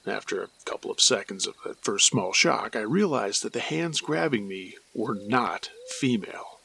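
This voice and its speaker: A man hosting a spooky story show, reading a listener's first-person account in a measured, steady way. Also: fairly low pitch, creaky, slightly rough. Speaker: storyteller and host.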